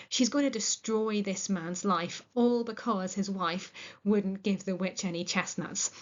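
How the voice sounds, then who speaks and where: A woman's voice: mid-range voice, fairly even intonation, a little slow. Woman, teacher, literature lesson, chatty and explanatory, dull lo-fi sound. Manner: chatty, explanatory, paraphrases lines in modern words. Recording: muffled lo-fi recording.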